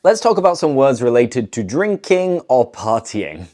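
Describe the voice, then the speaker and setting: A woman from the north of England with a Northern English accent, teaching English phrases in a clear, deliberate way. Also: very deep voice, big pitch swings, dark tone, slight background noise. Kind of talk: scripted language lesson.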